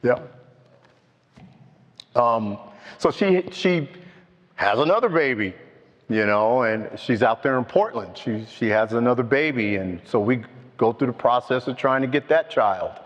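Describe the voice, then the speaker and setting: Slow, heartfelt older man in an echoey hall. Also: medium pitch. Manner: slow, halting, heartfelt storytelling. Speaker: recovery meeting speaker. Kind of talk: personal testimony. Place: meeting hall. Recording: dull, with long hall echo.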